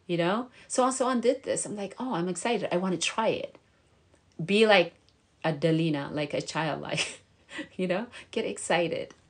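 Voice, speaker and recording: A young woman giving casual, encouraging advice to camera as a lifestyle vlogger. She talks in a bubbly way, with lots of fillers and frequent laughs. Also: lowish voice. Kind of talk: casual motivational talk to camera.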